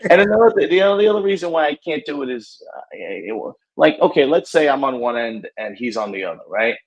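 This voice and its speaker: A man hosts a casual podcast chat at a middling pitch. He stammers and trips over his restarts, repeating words before he finds his point. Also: big pitch swings, quick pace, highs cut off. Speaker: podcast host.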